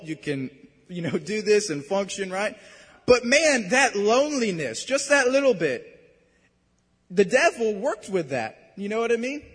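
Young man preaching in a high voice, echoing hall. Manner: earnest, conversational preaching with sudden loud emphasis. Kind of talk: sermon.

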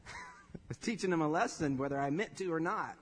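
A man in his thirties preaching a sermon, telling a personal story with laughter and animated delivery. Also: on the high side, moderate pace, breathy edge. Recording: long reverb of a large hall.

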